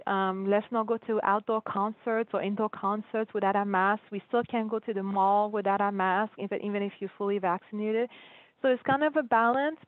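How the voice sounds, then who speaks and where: A woman physician answering community questions on a virtual town hall, explaining patiently with frequent restarts. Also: medium pitch. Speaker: guest physician. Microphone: video call. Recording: dry phone-like audio.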